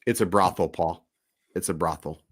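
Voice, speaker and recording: A man hosting a casual live-stream chat, telling stories in a loose, profane, animated way. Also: sits low, normal speed, dry recording, studio quality. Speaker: podcast host.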